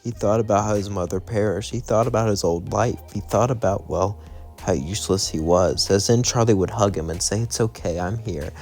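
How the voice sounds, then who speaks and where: A man's voice: lowish voice, brisk, a little mellow, faint music behind. A man casually narrating a fan story in a rambling, hesitant way. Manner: rambling, hesitant with "well" and "as then".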